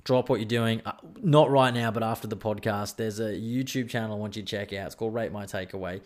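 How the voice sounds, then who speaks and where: A young man hosting a solo podcast, telling rambling, excitable stories and swearing freely. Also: lowish voice, fast talker. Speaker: podcast host. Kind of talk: casual solo podcast chat.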